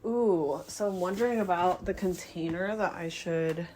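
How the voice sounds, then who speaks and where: In a casual talk-to-camera cooking vlog from her small apartment kitchen, a woman speaks at normal speed in a fairly low voice. A slight hiss or hum is audible, and her manner is relaxed and meandering as she thinks aloud.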